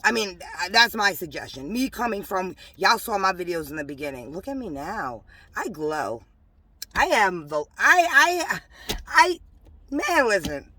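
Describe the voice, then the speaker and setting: A woman, rambling emotionally about her faith from inside a parked car, mixing loud bursts with hushed asides. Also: medium pitch, big pitch swings, unhurried, no echo. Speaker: religious vlogger. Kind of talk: casual spiritual testimony to camera.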